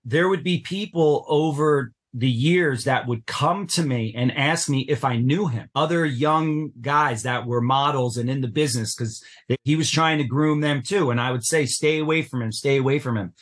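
A man's voice: medium pitch, normal speed, a bit bright. Earnest middle-aged man telling his story. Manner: earnest, intense retelling with acted-out quotes. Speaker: podcast guest. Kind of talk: personal storytelling in an interview.

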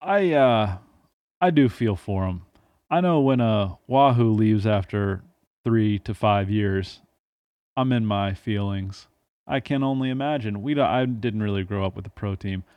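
A man's voice: lowish voice, a little slow, darkish tone, no echo. A man co-hosting a casual sports podcast, speaking in a laid-back way. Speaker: podcast co-host.

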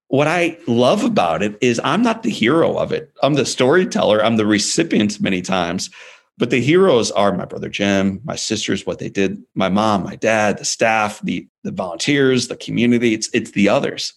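A man in his forties with a gravelly, fairly low voice, telling a personal story in an interview. He talks in an emphatic, animated way and leans hard on key words. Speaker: guest speaker.

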